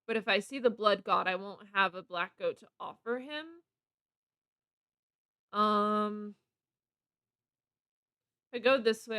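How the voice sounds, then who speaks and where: A woman's voice: medium pitch, sharp tone, no echo, clean studio sound. A woman streaming a card game live, chatting casually and giggling often as she rambles. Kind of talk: casual live gameplay commentary.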